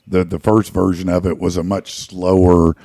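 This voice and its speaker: A man's voice: sits low, flat delivery, moderate pace, dark tone, no room sound, studio quality. A man chatting as a guest musician, rambling with many fillers and restarts. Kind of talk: casual interview chat.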